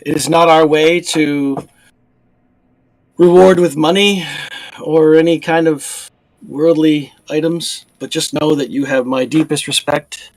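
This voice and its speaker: A man voicing a stern but caring noblewoman who leads a knighthood, speaking in an earnest, measured and formal way. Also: fairly high pitch, steady tone, dry recording, voice pushed up.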